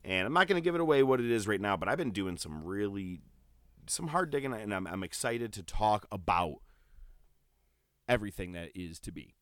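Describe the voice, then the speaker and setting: A man co-hosting a podcast in casual, animated chat, swearing and laughing easily. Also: on the low side, a little fast, no echo, clean studio sound. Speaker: podcast co-host.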